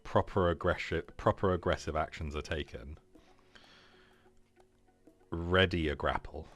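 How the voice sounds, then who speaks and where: A man's voice: extremely low pitch, steady tone, unhurried, soft background music. A man playing a tabletop game, hesitant and stammering as he explains his move. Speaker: player. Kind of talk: casual tabletop chat.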